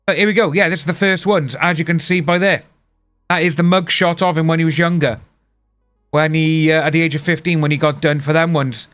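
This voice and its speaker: Male streamer, casual rambling chat, slightly high voice, soft music underneath. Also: fairly even intonation, fairly quick. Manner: rambling, chatty, reads out chat names. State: hiccups. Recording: faint music behind.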